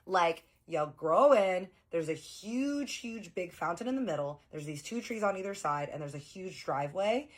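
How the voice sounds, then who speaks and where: A young woman telling an animated, slangy story in a storytime vlog. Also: on the low side, normal speed, few pauses.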